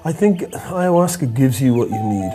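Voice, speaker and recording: A man speaking as an interview guest, telling a reflective story in a halting way, often repeating words and laughing softly. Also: mid-range voice, expressive, over music.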